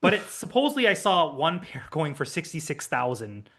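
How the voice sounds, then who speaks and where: A man hosting a podcast in a relaxed, easygoing way, often affirming his guest. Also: on the high side, normal speed. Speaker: podcast host. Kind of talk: casual podcast chat.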